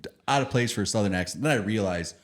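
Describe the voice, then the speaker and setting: Man in his thirties, podcast co-host, rambling joker, quick talker, very lively pitch. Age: 30s. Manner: rambling, joking, swears freely. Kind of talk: casual chat, storytelling.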